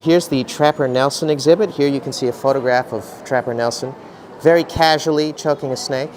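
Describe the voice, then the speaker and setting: A man voicing an upbeat frog announcer doing a comedic on-location field report, jokey with deadpan asides. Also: medium pitch, brisk, close to an everyday voice. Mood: chipper.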